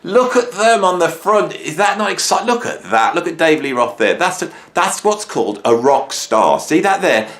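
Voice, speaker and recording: A man's voice: fairly high pitch, expressive, normal speed, few pauses, fairly bright tone. A middle-aged man chatting enthusiastically and jokily about his vinyl records at home. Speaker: music YouTuber. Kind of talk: casual vlog chat. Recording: roomy echo.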